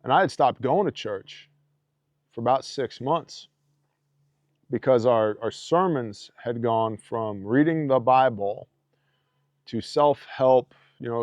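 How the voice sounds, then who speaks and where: Man, casual storytelling, emphatic and blunt, mid-pitched voice, dull lo-fi sound. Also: a little mellow, no echo. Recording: dull, dry lo-fi podcast audio.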